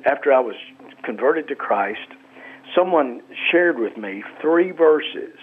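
An earnest man, a pastor and author, talks about scripture on a radio show. He calls in over a tinny phone line, and his voice sounds a little husky. He often stops and restarts his sentences. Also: mid-range voice. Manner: earnest, halting with many restarts. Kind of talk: Christian radio talk.

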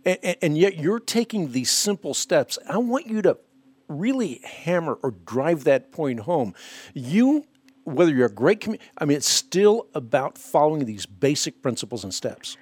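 A man's voice: a little high, big pitch swings, normal speed, darkish tone, breathy edge, no room sound. A man hosting a Christian radio talk show who makes his points emphatically, like a teacher.

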